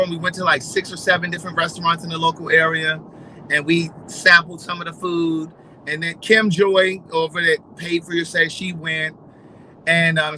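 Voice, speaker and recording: A man chatting casually to his viewers, telling stories in a gossipy, animated way. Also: a little high, slight background noise, low-quality recording. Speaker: vlogger. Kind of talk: casual storytelling chat.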